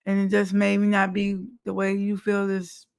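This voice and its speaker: A woman's voice: mid-range voice, monotone, measured pace, gravelly, clear, resonant tone. A woman co-hosting a casual chat, laid-back and matter-of-fact, shrugging things off.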